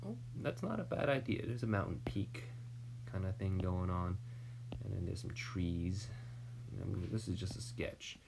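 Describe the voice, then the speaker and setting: Low gravelly man mumbling while he sketches. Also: animated, normal speed, noisy background. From United States. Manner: mumbling, trailing off, drops to whispers; self-deprecating asides. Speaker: artist drawing on stream. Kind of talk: thinking aloud while sketching.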